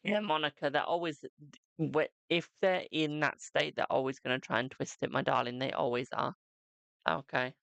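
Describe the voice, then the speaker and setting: A man's voice: medium pitch, fairly even intonation, moderate pace, gravelly, a bit bright, clean tone, dry recording. A man with a British accent giving live-stream tarot readings in a chatty way, calling viewers "my darling". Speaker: tarot reader.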